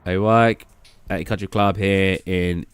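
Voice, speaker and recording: A man's voice: low-pitched, fairly even intonation, measured pace, clean tone. A British man chatting casually on a live stream, rambling and reading out and answering viewers' messages. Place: indoors at a gaming computer.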